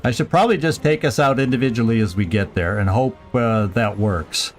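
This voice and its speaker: A man's voice: medium pitch, fairly quick, soft background music. A man casually commenting on his gameplay during a live stream, thinking aloud with playful, goofy asides. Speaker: video game streamer.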